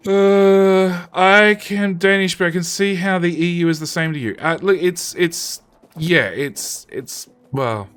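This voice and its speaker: A man's voice: high-pitched, measured pace, a bit bright, clear, resonant tone. A man streaming a game live and chatting with viewers in a loose, joking, self-mocking way, often restarting his sentences and casually swearing. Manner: casually profane.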